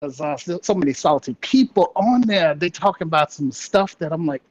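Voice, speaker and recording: A man's voice: a little high, animated, normal speed, few pauses, darkish tone, highs cut off. A man guesting on a podcast in casual chat, laid-back and a bit hesitant, joking around.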